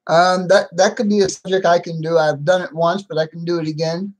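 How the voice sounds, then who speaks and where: A middle-aged American man runs a casual live stream, welcoming viewers one by one. His voice sits a bit high for a man, and he chuckles often between greetings. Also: steady tone, brisk, low-quality recording. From United States. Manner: chatty, laughs often, greets each viewer by name.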